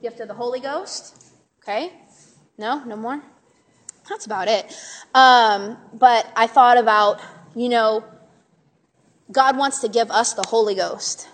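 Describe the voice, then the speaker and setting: A woman teaches a live group of church workers in a relaxed, chatty way, animated and full of fillers. Her voice sits fairly high. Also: slow, long pauses. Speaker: Sunday school teacher giving a workshop. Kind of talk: casual talk to a live group.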